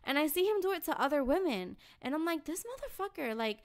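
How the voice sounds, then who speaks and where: A woman's voice: high-pitched, quick pace. Blunt, profane young woman telling stories. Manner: blunt, profane, animated storytelling. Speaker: podcast co-host. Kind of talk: casual podcast chat.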